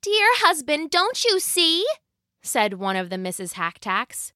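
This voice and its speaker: Woman doing a cheery farmer wife, sweet, calm, bright voice, dry close mic. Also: high-pitched, a little slow, no echo, pitched above the performer's own voice, heavily acted. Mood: gentle. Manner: sweet, matter-of-fact.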